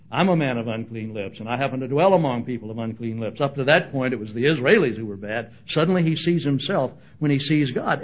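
Male pastor, lively humorous sermon delivery that acts out the people he quotes; slightly high voice, muffled lo-fi sound. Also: slightly rough.

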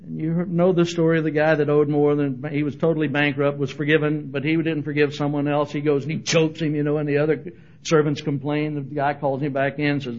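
Animated, humorous male preacher. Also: a little high, a little fast, highs cut off. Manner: animated, humorous, acts out quoted voices. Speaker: pastor. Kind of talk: sermon.

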